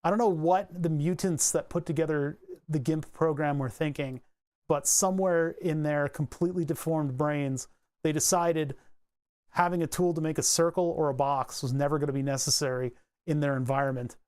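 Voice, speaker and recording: A man giving a casual electronics tutorial, thinking aloud as he traces a circuit board, rambling and joking and grumbling wryly about his software. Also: a little high, steady tone, normal speed. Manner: rambling, joking, mutters while drawing. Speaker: electronics hobbyist explaining circuit tracing.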